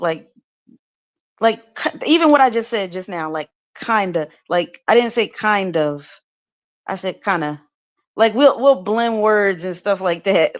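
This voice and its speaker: An American woman co-hosting a podcast, chatting casually, full of "like" fillers and restarts and laughing easily. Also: medium pitch. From United States. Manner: talkative, many restarts and "like" fillers, laughs often. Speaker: podcast co-host.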